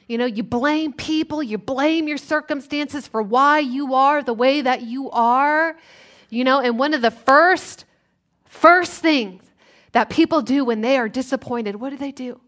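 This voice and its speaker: A woman preaching a sermon in church, animated and acting out complaining voices. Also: high voice, a little slow. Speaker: guest preacher.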